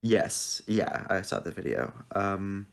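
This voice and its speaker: A man with a very low voice that still swings widely in pitch co-hosts a live stream. He cuts in with short, dry, teasing comments. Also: expressive, slow, vocal fry. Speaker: stream co-host and moderator. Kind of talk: casual live-stream chat.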